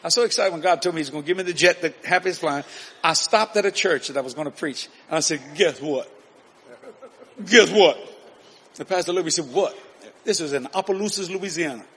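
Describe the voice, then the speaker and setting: A man preaching a story-filled sermon, animated and laughing as he acts out voices. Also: a little high, quick pace, a little hiss or hum.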